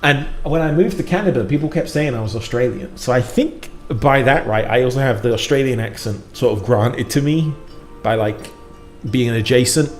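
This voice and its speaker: Hosting a gameplay livestream as community manager, this man from the United Kingdom speaks at normal speed in a medium-pitched voice. He's casual, chatty, and full of self-deprecating jokes, with roomy sound and faint background music.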